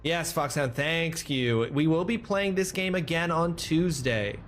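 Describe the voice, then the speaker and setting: A man streaming a video game, chatting casually with animated, rambling asides. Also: on the high side, measured pace, faint music behind.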